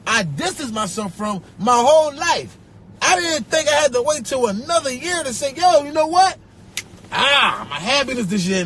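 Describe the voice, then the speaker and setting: A young man with a Philadelphia accent rants into his phone on a live stream, profane and repetitive. His voice sits very high and swoops widely as he talks. A faint noise runs under the phone recording. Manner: animated, profane, laughs and repeats himself. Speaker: social media personality. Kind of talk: rambling live-stream rant.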